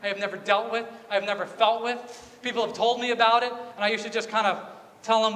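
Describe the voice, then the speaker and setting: A high, bright-voiced male pastor delivering an earnest, confessional sermon. His words ring out with a long church-hall reverb over a faint hum of ambience. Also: steady tone, quick pace, few pauses. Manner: earnest, confessional storytelling with repeated phrases. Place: church sanctuary.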